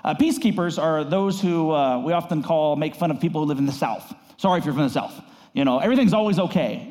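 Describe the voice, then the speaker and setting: A man pastoring a congregation, giving an earnest devotional message, halting with fillers and rising higher on key words. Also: a little mellow, in a large hall.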